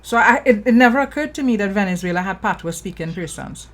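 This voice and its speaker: A woman's voice: medium pitch, lively intonation, fast. Curious woman interviewer. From Trinidad. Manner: curious, prompting with short affirmations. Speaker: host. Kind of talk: interview questions.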